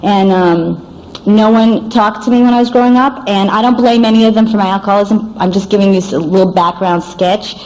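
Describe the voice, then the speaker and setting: A woman's voice: mid-range voice, brisk, a little mellow, low-quality recording. An older woman from New York City speaks at a recovery meeting. She is a bit nervous and uses self-deprecating humor. The sound comes from an old cassette tape.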